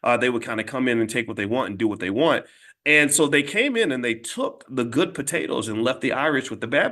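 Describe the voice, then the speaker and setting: A middle-aged man hosting his own channel, telling stories in a blunt, animated casual monologue. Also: mid-range voice. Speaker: host.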